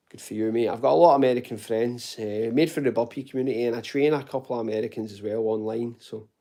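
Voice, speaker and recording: A Glaswegian man with a warm, dark tone chats loosely through a live question session from home. He talks informally, tossing in "mate" and "buddy" and the odd swear word. His Scottish accent is softened but still clear. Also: medium pitch. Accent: Glaswegian Scottish, toned down. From Glasgow, Scotland. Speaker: fitness channel host answering live chat. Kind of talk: casual live Q&A chat.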